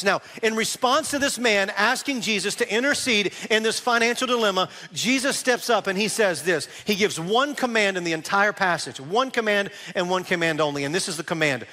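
A man preaching a sermon as a pastor, conversational and animated, with asides to the congregation. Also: sits high, moderate pace, hardly any pauses, in a large hall.

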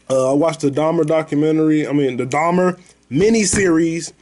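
A man's voice: fairly high pitch, brisk, darkish tone. A man hosting a podcast, rambling through stories and movie talk in a loose, profane, slangy way. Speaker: podcast host. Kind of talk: casual podcast chat.

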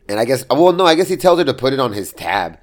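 A man telling a profane story about his taco stand in a casual chat, quick to act out what people said. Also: mid-range voice, big pitch swings. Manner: fast, profane storytelling with acted-out quotes. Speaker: taco vendor.

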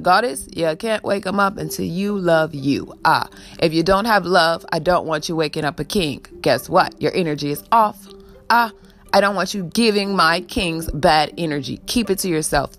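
A woman giving a preachy spiritual pep talk, ending most sentences with a questioning "ah?" and sighing now and then. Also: lowish voice. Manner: sighs before blowing love. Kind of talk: motivational spiritual talk to camera.

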